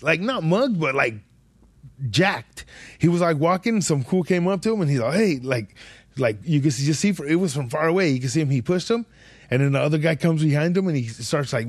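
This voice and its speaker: A man's voice: fairly high pitch, no room sound. A young man, hosting a podcast and telling a rambling, slangy, profane travel story in casual chat. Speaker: podcast host.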